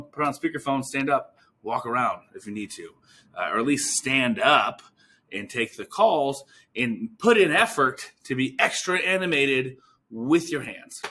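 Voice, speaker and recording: Casual male podcast host, bright tone, animated, acts out calls. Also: mid-range voice. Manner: animated, acts out phone calls in quick voices; casual, swears now and then. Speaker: podcast host, physical therapist coach. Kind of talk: casual coaching talk.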